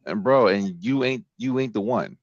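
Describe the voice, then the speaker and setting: A low-voiced man hosting a casual podcast chat, crude and joking, who keeps slipping into the voices of the people he quotes. The sound is close and dry, but a little dull and muffled. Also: normal speed, no room sound. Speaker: podcast host.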